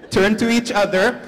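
A man leading a laughter yoga workshop for a live group, playful and coaxing, speaking into a handheld microphone. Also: high-pitched. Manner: playful, upbeat, coaxing a crowd. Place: large hall before a live audience. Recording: echoey hall, faint crowd noise.

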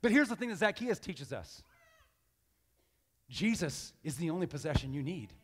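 A man giving a sermon as guest pastor, impassioned and animated, acting out the voices he quotes. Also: a little high, moderate pace, breathy edge. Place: church sanctuary. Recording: long hall reverb.

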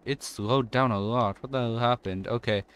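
A young man with a non-American English accent doing casual let's-play commentary, chatty and excitable, swearing and yelping at in-game mishaps. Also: medium pitch, moderate pace, clear, resonant tone. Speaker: gaming YouTuber.

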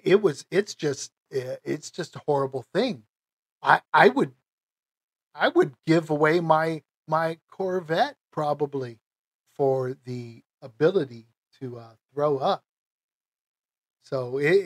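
A middle-aged American man tells a personal story to his viewers in a slow, emotional, halting way. His voice sits a bit high for a man and has a husky edge. The sound is dry and close, with no room around it. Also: dry recording. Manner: emotional, halting, with many restarts. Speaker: vlogger.

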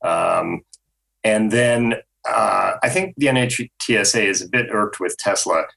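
A man on a podcast panel, an automotive journalist explaining news in a measured way with frequent ums. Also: lowish voice, gravelly, sharp tone, poor audio.

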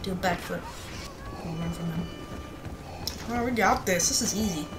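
A woman's voice: fairly low pitch, normal speed, background noise. A woman hosting a gaming video, chatting casually and cheering or yelping as she plays. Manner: excitable, yelps and cheers mid-play. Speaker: gaming channel host. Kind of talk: casual gameplay commentary.

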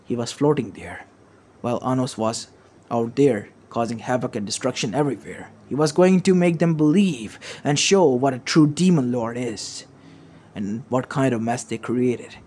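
A man's voice: medium pitch, normal speed, darkish tone. A man reading a fan story aloud in a plain voice, stringing long run-on sentences together. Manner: run-on, loosely strung sentences. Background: faint background music.

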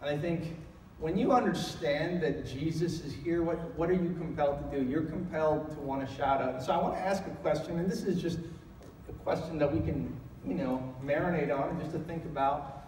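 A middle-aged pastor with a slightly high, darkish voice preaches a brisk Sunday sermon in a church sanctuary, speaking conversationally and swelling into emphatic calls. He sounds a little distant from the mic, his voice ringing through a long, echoing hall over faint room noise.

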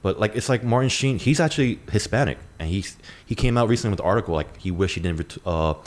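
A man on a podcast panel, chatting casually with quick, offhand remarks. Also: lowish voice, animated.

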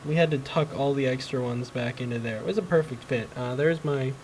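A man's voice: medium pitch, a little fast, darkish tone. A man vlogging at home, rambling in a frustrated way with lots of fillers and a voice he says is going. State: losing his voice. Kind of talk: casual rambling vlog. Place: home room with his cat. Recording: noisy home recording.

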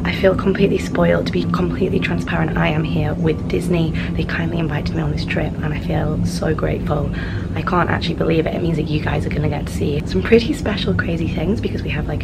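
A young British woman from the UK, vlogging her travels with gushing, breathless excitement and constant exclamations. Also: low voice, vocal fry, very noisy.

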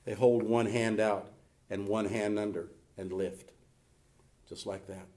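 A man's voice: on the low side, fairly even intonation, unhurried, a little mellow. A man preaching a sermon in a church as pastor, folksy and emphatic, often closing a thought with "you see". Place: church sanctuary.

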